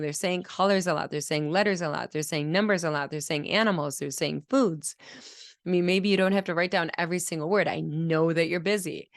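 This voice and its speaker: In a studio-quality recording with no room sound, a woman with a voice on the low side gives a video lesson. She works as a speech-language pathologist and explains clearly while demonstrating speech sounds.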